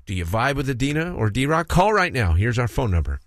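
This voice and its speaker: A man's voice: medium pitch, no room sound, studio quality. A man hosting a radio morning show, joking with co-hosts and reading out a game promo with a call-in number. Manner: lively, jokey, fast promo delivery.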